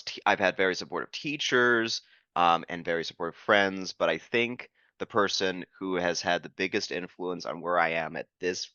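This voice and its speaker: A man's voice: low-pitched, pushed and bright, smooth, no room sound, dull audio. A man guesting on a podcast, talking in a casual interview in an earnest, playful way.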